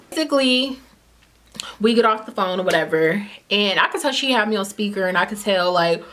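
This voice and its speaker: A woman's voice: medium pitch, quick pace, slight background noise. Chatty young woman spilling a story. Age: 20s. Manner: chatty, animated, heavy use of "like" and "you know what I'm saying"; eats while talking at times. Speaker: vlogger telling a story. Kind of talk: casual story time.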